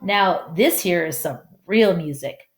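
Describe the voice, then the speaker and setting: A woman's voice: fairly low pitch, lively intonation, slow, echoey room. Woman doing a cheerful, teasing grown man.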